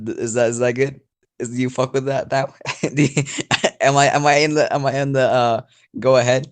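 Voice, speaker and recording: Young male host, improvised storytelling, loose and filler-heavy, mid-pitched. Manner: rambling, swears casually, many fillers. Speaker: channel host.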